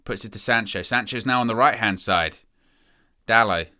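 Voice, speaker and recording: A young man giving excitable, chatty live commentary as a fan following a football match. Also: on the low side, moderate pace. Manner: excitable, chatty play-by-play with asides.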